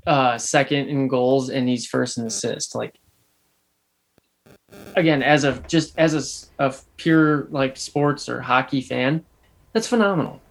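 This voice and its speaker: A man's voice: mid-range voice, measured pace, vocal fry. A young man co-hosting a casual sports podcast, talking emphatically with frequent restarts. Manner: animated, restarts a lot, emphatic. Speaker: podcast co-host.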